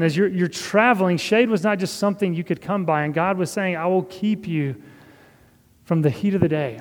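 A man preaching a sermon as pastor, earnest and measured, with a soft laugh now and then. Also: on the high side, in a large hall.

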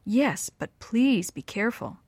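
A woman's voice: fairly high pitch, sing-song, a little slow, darkish tone, breathy edge, no echo, studio quality, heavily acted. A woman voicing a nervous, timid elderly wife in a storybook reading.

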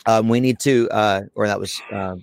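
A man's voice: on the low side, fairly even intonation, moderate pace, a little hiss or hum. A man speaking as a guest on a casual podcast, rambling and correcting himself with dry jokes. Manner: rambling, self-correcting, joking.

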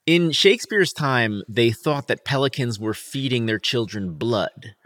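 Animated man reading aloud. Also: medium pitch, a little slow, no echo, clean studio sound. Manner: animated, swearing, switches to dramatic reading. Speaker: podcast co-host. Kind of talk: casual chat with read-aloud lines.

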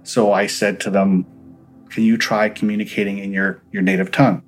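A man's voice: lowish voice, level tone, normal speed, faint music behind, poor audio. A man, a paranormal investigator, earnestly recounting his investigations in an interview and acting out the dialogue he quotes.

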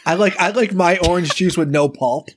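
A man co-hosting a podcast, telling absurd jokes in a deadpan way. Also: sits high, brisk, a little hiss or hum. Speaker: podcast co-host. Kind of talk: casual chat.

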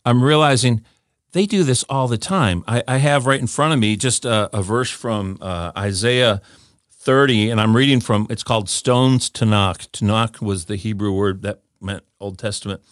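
A man's voice: on the low side, normal speed, no echo, clean studio sound. An older man giving an informal scripture teaching talk, eager and often restarting with repeated words as he explains. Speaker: Bible teacher.

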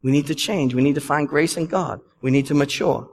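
A young adult male pastor, his voice a little high and a little fast, delivers an emphatic, conversational sermon in a church sanctuary. He makes asides to the congregation, and the hall's long reverb is audible.

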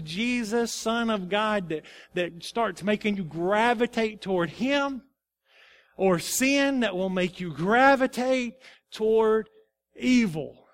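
High-voiced male pastor preaching. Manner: emphatic, then confessional and subdued. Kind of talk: sermon.

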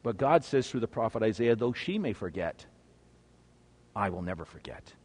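A man's voice: expressive, normal speed, slightly rough. Man preaching in an echoing hall. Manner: dynamic preaching, swinging from loud emphasis to hushed low phrases. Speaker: pastor. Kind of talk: sermon. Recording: long reverb of a large hall.

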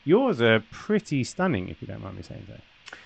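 A man's voice: medium pitch, sing-song, moderate pace, vocal fry, breathy edge. A man in his thirties co-hosting a podcast, joking around and asking playful questions. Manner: jokey, asks playful questions. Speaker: podcast co-host. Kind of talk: casual chat.

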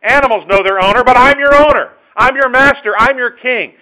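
A preacher voicing God, loudly indignant. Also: male voice, sits high, huge pitch swings, fast, voice pushed up, exaggerated voice, poor audio. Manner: loud, exasperated rebuke. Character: God scolding his rebellious people, indignant.

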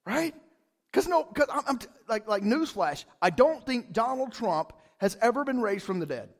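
A man preaching a casual, conversational sermon, often asking "right?" and rising loud for emphasis. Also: normal speed. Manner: animated, rises loud for emphasis; high-pitched voice. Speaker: pastor.

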